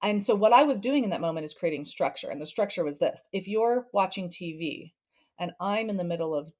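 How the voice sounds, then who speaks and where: A woman's voice: on the low side, animated, a little fast, darkish tone. A woman therapist and podcast guest giving conversational parenting advice, acting out family scenes with playful voice shifts.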